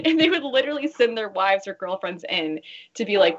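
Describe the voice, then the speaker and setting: A woman bra fitter appears as a guest expert on a casual radio interview, her voice high-ish, brisk, and full of big pitch swings. She speaks earnestly and acts out the voices she quotes, and the sound is dull and lo-fi.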